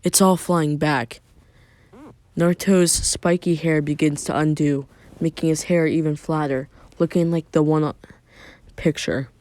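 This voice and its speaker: A man's voice: a little high, steady tone, unhurried, a little mellow. A man casually narrating a made-up fan story, rambling with many filler words.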